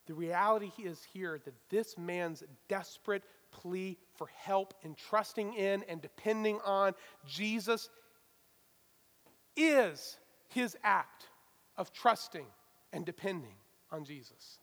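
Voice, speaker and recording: A man preaching a sermon, swinging between loud emphatic stresses and hushed asides. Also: sits high, takes it slowly, in a large hall. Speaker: pastor.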